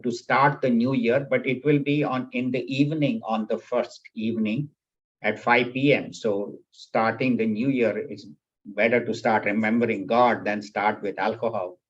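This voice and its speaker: A man's voice: mid-range voice, slightly rough, dull audio. A man teaching a scripture class at a spiritual center, explaining patiently and repeating key points. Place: class at a spiritual center, also on video call.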